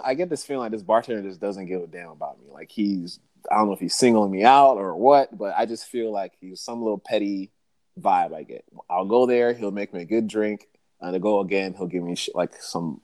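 A man with a very deep, low voice spins a story in a relaxed chat. He talks in slang and acts out each person's lines as he goes. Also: no echo. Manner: animated storyteller, slangy, acts out quoted dialogue.

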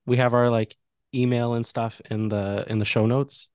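A young man with a Chicago accent chats easily as a podcast co-host, filling his talk with likes and ums. His voice sits at mid pitch for a man. The recording is dry and close to the mic. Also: little pitch movement, normal speed, a little mellow, clear, resonant tone, no echo. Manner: easygoing, many fillers, playful. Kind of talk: casual chat.

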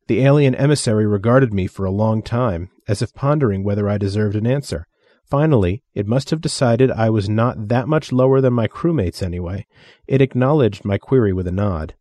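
A man narrates an audiobook story in a steady, measured way. His voice is mellow and dark, recorded dry and close. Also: fairly low pitch, no room sound.

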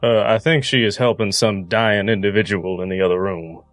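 A man playing his character in a tabletop game, calm and wry in a measured way. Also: fairly low pitch, dry recording. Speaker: player.

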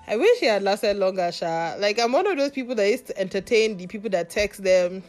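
A woman's voice: medium pitch, lively intonation, fairly quick, a little mellow, soft background music. A woman hosting a podcast, telling a story in a casual, gossipy way and swearing now and then. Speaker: podcast host.

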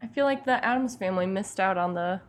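A woman's voice: medium pitch, fast. A woman co-hosting a podcast in casual movie chat, giggly and playful. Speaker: podcast co-host.

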